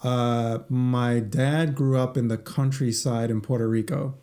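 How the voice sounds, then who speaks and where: Mellow-voiced man, hesitant storyteller. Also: mid-range voice, steady tone, measured pace. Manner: hesitant, many uhs and ums. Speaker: podcast panelist. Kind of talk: casual storytelling.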